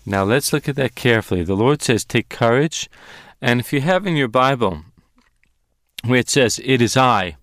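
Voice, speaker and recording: A man's voice: mid-range voice, fairly bright tone, clear, resonant tone, no echo, clean studio sound. A man teaching from the Bible on a ministry broadcast, earnest and emphatic, repeating key verses.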